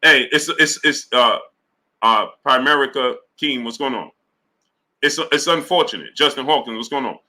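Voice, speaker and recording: A man hosting a live boxing stream, reading viewer super chats and greeting them by name in an animated, casual way. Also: medium pitch, moderate pace, low-quality recording. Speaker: boxing talk show host.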